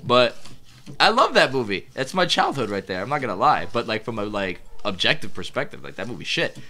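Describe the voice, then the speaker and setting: A man co-hosting a casual podcast chat, animated and swearing, laughing often between lines. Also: mid-range voice, a little fast. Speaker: podcast co-host.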